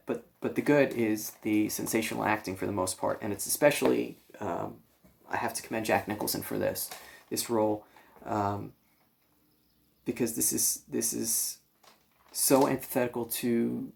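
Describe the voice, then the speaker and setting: A man with a fairly low voice and a gravelly, creaky edge. He reviews a film in a casual, thoughtful way, pausing on fillers and going back over his words as he works out his points. It sounds like a library host chatting about a movie. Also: darkish tone. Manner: thoughtful, with many fillers and restarts.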